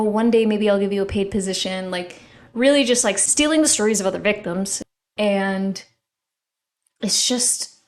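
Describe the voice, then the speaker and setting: A young woman giving casual, rambling commentary with strong opinions, often filling with "like". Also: medium pitch. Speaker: commentary YouTuber.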